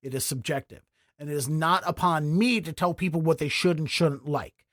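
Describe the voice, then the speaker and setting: A man's voice: on the high side, moderate pace, no room sound, clean studio sound. A man from the Baltimore area hosting a casual podcast chat, telling stories with frequent laughs. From Baltimore area, USA. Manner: laughs often, animated storytelling. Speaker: podcast host.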